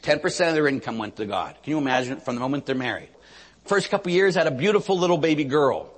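A Catholic priest delivers a storytelling sermon with a husky, slightly raised voice that swings widely in pitch. He goes from loud emphatic peaks to near-whispers. His words ring out in a long church reverb. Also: animated, fast talker. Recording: reverberant hall.

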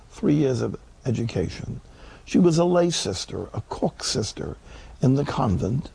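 Man, preacher, sermon, animated and emphatic, gravelly fry, husky tone. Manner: animated, emphatic delivery with wide swings in pitch.

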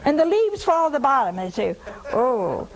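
A high-pitched, very animated woman talks quickly while hosting a religious call-in show in a low-quality recording. She preaches with emphasis to her callers, repeating points and adding scornful asides.

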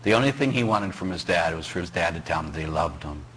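A middle-aged man from Pittsburgh, a parish priest preaching a sermon, animated and joking as he quizzes his congregation. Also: low-pitched, fast talker, a little hiss or hum. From Pittsburgh, USA.

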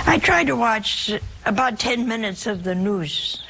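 A woman's voice: fairly high pitch, animated, slow pace, few pauses, bright, forceful tone, a little hiss or hum. A woman preaching a sermon in a folksy, humorous way, speaking directly to her listeners. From Italian family background.

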